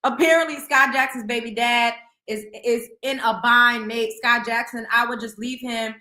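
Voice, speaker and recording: A woman's voice: fairly high pitch, steady tone, moderate pace, bright, forceful tone, reverberant. A woman hosting a celebrity gossip show in casual chat, blunt and profane, often tripping over repeated words.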